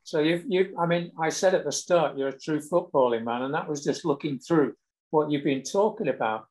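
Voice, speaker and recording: Male host, casual chat; jokey, encouraging interviewer with a slightly high voice. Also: normal speed, a little mellow.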